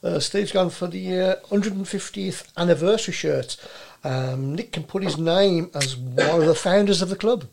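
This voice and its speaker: A man's voice: sits high, moderate pace, vocal fry, a little mellow, slight background noise. A man in a casual chat who agrees a lot.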